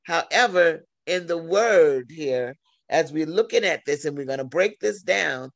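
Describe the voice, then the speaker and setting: A man delivers a sermon at an unhurried, drawn-out pace, his voice rough and gravelly. He sits a little higher than most men and leans on repetition, circling back over each phrase. The sound is dry and close, with no room around it. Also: expressive, fairly bright tone, no room sound. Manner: slow, deliberate preaching with repeated phrases. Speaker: preacher. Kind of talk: sermon over a phone line.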